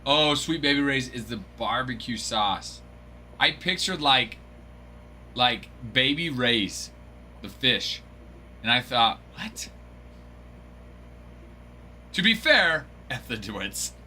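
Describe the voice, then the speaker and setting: A man's voice: medium pitch, expressive, slow pace, sharp tone, a little hiss or hum. A man hosting a card break livestream, joking and laughing as he answers viewers by name. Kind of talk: casual livestream chat.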